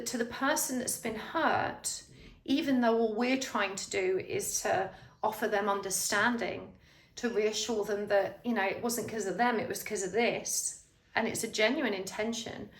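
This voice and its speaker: A woman reads tarot for her viewers and talks straight to them, earnest and reassuring, at a middling pitch. Her voice carries a noticeable echo, as if she is recording in a bare room. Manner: earnest, reassuring advice, speaks straight to the listener. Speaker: tarot reader. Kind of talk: pick-a-card tarot reading, direct address to viewer.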